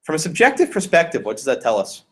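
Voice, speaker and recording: A man's voice: on the high side, huge pitch swings, fast, breathy edge. A male law professor giving a conversational classroom lecture and questioning his students.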